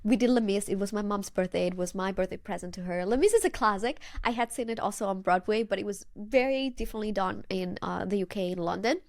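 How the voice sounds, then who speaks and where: A woman's voice: mid-range voice, fast talker, few pauses, no echo. Chatty woman podcast host, dry sound. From Spain. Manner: chatty, animated storyteller with many fillers. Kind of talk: casual chat.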